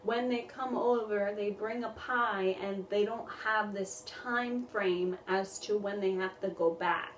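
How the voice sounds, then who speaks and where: A woman's voice: mid-range voice, steady tone, unhurried, few pauses, far from the mic. A chatty woman vlogger who rambles in a casual, laugh-filled way. Her voice sits a little away from the mic in a roomy, echoing space. A faint room hum sits underneath. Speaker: music therapist vlogger. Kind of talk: casual chat to camera. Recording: roomy echo, voice somewhat off-mic.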